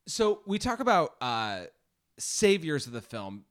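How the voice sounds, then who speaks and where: A man's voice: fairly high pitch, very animated, a little slow, a bit bright. A man co-hosting a podcast in casual chat, teasing and laughing. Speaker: podcast co-host.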